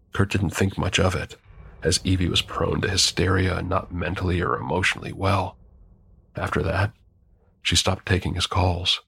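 A male narrator telling a first-person horror story in a measured, grim way. His voice is very deep and gravelly, with a husky, breathy edge. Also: a bit bright.

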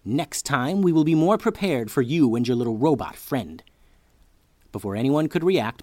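A man narrating a children's story with a lively, expressive reading. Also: mid-range voice, dry recording.

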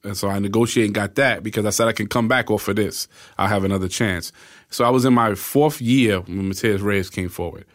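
Low-voiced man telling his story. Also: fairly quick. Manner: acts out quoted voices, often asks "right?". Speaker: interview guest. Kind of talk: casual storytelling.

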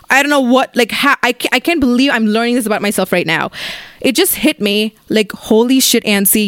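A woman in her twenties hosting a casual solo podcast from her apartment, talking bluntly and profanely with animated storytelling. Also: mid-range voice, no echo, studio quality. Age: 20s. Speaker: podcast host.

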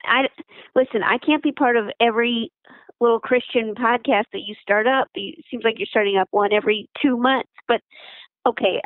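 A woman's voice: on the high side, steady tone, normal speed, no room sound. A woman calling in by phone to a comedy podcast, hesitant and stammering, flustered. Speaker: caller on the phone. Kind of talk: improvised comedy phone call. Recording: tinny phone line.

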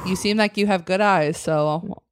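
A woman's voice: medium pitch, unhurried, clear, resonant tone, dry recording, clean studio sound, natural voice. A woman playing a blunt, bossy HR lady. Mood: stern. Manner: stern, deadpan insults, frequent laughing. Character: blunt bossy female HR representative. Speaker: guest player. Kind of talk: comedic tabletop improv.

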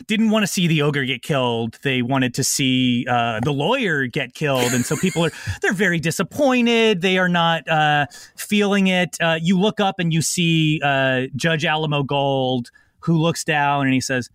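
A man's voice: on the high side, fairly bright tone, no echo, studio quality. A man narrating as game master of a tabletop game, loose and rambling with many fillers.

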